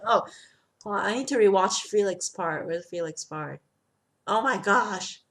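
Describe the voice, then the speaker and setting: A woman hosting a reaction video in casual commentary, excitable and gushing, shrieking over her favorite. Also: medium pitch, moderate pace, low-quality recording. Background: loud trailer music.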